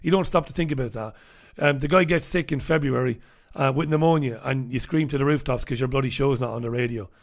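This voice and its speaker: A man's voice: medium pitch, fast. A man hosting his own show, chatting casually and sardonically through viewer comments, profane and rambling. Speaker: host of his own radio show and livestream. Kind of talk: casual livestream chat reading viewer comments.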